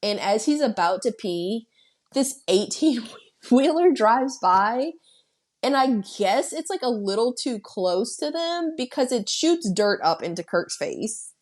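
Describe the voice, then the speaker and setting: Slow, unhurried woman recapping a film. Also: fairly high pitch, big pitch swings, darkish tone. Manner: blunt and profane, with laughter. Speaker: podcast host. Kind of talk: casual plot recap.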